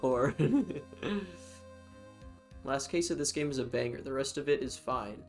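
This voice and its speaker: A man's voice: mid-range voice, fairly even intonation, measured pace, soft background music. A man hosting a casual game stream, rambling and giggling through loose banter full of fillers. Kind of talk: casual let's-play banter.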